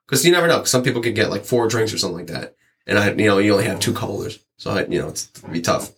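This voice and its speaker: Man in casual chat, animated storyteller voicing customers' lines. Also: lowish voice, very fast. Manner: rambling, animated, acts out quoted lines. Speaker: delivery driver sharing stories.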